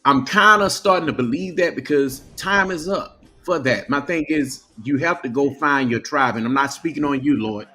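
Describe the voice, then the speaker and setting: A man's voice: fairly high pitch, normal speed, few pauses, pushed and bright. A man talking casually on a live stream, often stammering and restarting his sentences.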